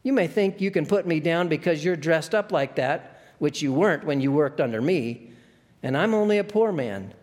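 A man's voice: a little high, expressive, moderate pace, darkish tone, voice pushed up, lightly acted. A man doing a blustering, bitter ghost of a working man. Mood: aggrieved. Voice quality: blustering, rough working-class grammar. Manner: indignant and complaining. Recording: long echo of a large hall.

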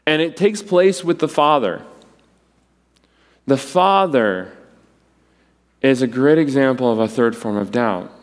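A man preaching a sermon, acting out the quoted voices with wide swings in pitch. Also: expressive, measured pace, long pauses, big-room sound. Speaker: pastor.

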